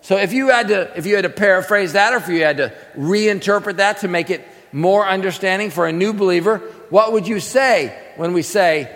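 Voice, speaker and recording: A preacher with a high-sitting, slightly bright voice talks fairly quickly and barely pauses, his words trailing off into a long reverb. Teaching a class on scripture in sermon style, he quizzes the audience and answers his own questions.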